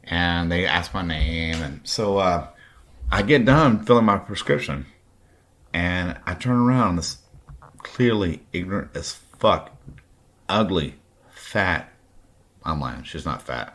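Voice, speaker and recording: A man's voice: deep voice, a bit bright. A man in his late forties from Kentucky tells a raw personal story on his podcast, blunt and heavily profane. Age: late 40s. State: drinking. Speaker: podcast host.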